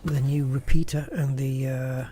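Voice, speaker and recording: A man's voice: mid-range voice, little pitch movement, a little slow, noisy background. A man hosting a gaming channel, chatting casually and thinking aloud as he plays. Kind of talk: casual gameplay commentary.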